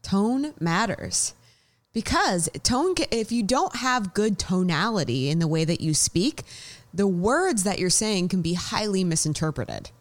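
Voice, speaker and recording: A woman with a mid-range voice co-hosts a casual podcast. She explains her ideas in an animated, conversational way and backs them up with everyday examples. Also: medium pitch, unhurried. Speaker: podcast co-host.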